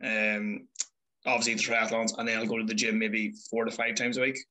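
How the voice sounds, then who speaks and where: A young Irish man chats as a guest over a video call. He tells stories at a lively clip, swears freely, and slips into quick impressions of the people in them. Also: on the low side, poor audio. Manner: lively storytelling, swearing, mimics voices. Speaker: podcast guest. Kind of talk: casual chat.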